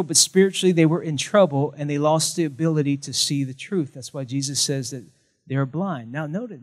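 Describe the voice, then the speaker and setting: A man preaching, his voice sitting a little high for a man. He drives points home through punchy repeated lines and slips in jokes along the way. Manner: emphatic, punchy repetition with jokes. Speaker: pastor. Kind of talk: sermon.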